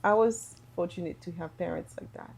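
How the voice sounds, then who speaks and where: Gravelly and darkish, this woman's lower voice moves at a brisk clip over a faint hiss or hum. She's a middle-aged business owner from Haiti chatting on a casual podcast, earnest in manner and prone to repeating words to stress a point.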